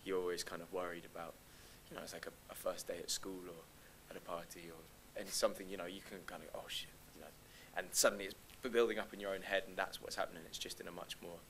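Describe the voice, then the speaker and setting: Young man, very low voice, rapid hesitant talk with frequent restarts, stage Q&A guest. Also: little pitch movement, gravelly, fairly bright tone, a little hiss or hum, poor audio. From London. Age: young adult. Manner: hesitant, restarts often, laughs lightly. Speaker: actor guest. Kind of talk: live Q&A conversation. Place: live stage event.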